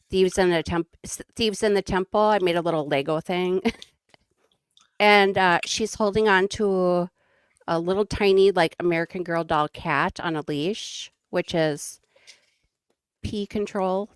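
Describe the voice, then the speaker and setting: A woman's voice: lowish voice, fairly even intonation, a little slow, clean tone, no room sound, clean studio sound. A woman with a Midwestern accent, a guest chatting casually and giggling as she tells a story. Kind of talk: casual chat.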